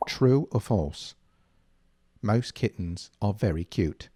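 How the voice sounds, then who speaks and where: Goofy, animated man hosting a kids' game. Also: lowish voice, slow pace, background noise. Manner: goofy, playful, self-mocking. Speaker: camp counselor host.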